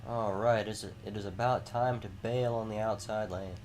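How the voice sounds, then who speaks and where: Chill guy with a real low voice talking over his racing game stream. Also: steady tone, normal speed, a little mellow. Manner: laid-back, chatty, mild swearing. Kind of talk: casual gameplay commentary.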